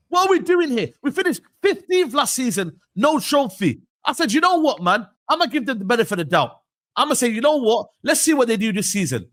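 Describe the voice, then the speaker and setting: Ranting high-voiced man. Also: bright, forceful tone. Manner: ranting, slangy, repeats "bro" and "are you mad". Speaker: streamer. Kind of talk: heated reaction stream.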